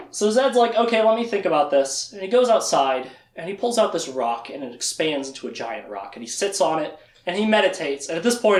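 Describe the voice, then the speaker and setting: A man presenting a casual lecture, retelling events and acting out the characters' lines in quick quips. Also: a little high, echoey room. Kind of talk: casual lecture with slides and jokes.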